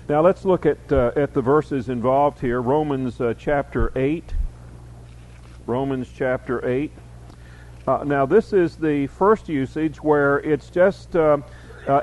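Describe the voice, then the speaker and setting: A man with a slightly higher voice gives a Bible study lecture. He works through words one by one and reads verses aloud with stress, pausing with small fillers as he goes. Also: darkish tone. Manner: explains word by word, reads verses aloud with emphasis, frequent fillers. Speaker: Bible teacher.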